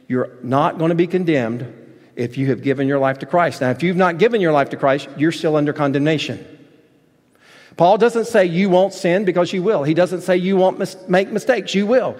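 A man preaching a sermon as pastor, emphatic, with rising shouted points and softer asides. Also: fairly high pitch, moderate pace. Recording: long reverb of a large hall.

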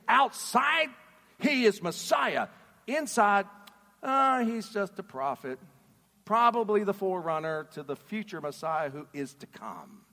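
Animated preacher guy, big reverb hall, asks the crowd stuff. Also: sits high. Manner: animated, emphatic, asks the audience questions. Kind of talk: sermon.

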